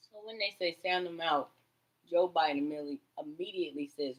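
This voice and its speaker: A woman vlogging in a rambling monologue, swinging between loud outbursts and low mutters, and swearing freely. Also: fast talker, low-quality recording.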